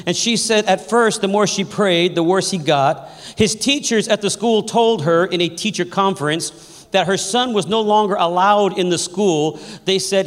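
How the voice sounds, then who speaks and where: A man who is a pastor, preaching a sermon to a congregation in a church, telling funny stories that build to shouted praise. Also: high voice, normal speed. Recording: long hall reverb, faint congregation.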